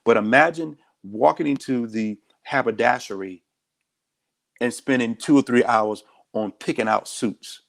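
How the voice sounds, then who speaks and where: A man's voice: mid-range voice, unhurried, gravelly. A man, a sheriff speaking as an interview guest, telling stories in a direct, earnest way. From United States. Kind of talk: candid interview talk.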